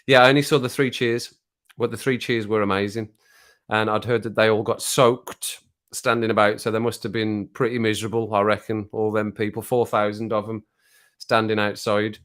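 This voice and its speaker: A man's voice: lowish voice, fairly bright tone. A man chatting casually on a live stream from home, rambling and laughing often at himself. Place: home room with sun on the window.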